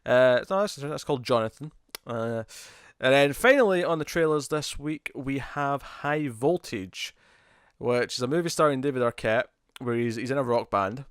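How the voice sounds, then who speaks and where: Rambling casually about movie trailers with plenty of restarts, a podcast co-host speaks at a moderate pace. His medium-pitched voice has a clean tone, and the recording is dry and studio quality.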